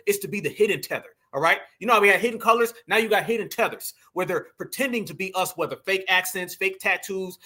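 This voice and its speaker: A man's voice: high voice, bright, forceful tone. A man with a Southern US accent hosting a commentary show, reacting to a clip in a scornful, preachy way and calling his viewers family. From Southern United States. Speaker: commentary channel host.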